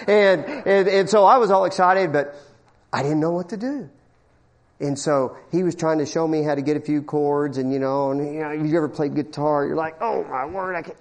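A middle-aged man preaching a sermon, telling a folksy personal story and acting out the people in it. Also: fairly high pitch. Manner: folksy storytelling with acted-out quotes and asides.

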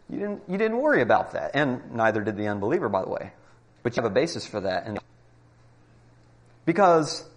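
A man giving a Christian apologetics talk to a live group, arguing emphatically with rhetorical questions. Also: mid-range voice.

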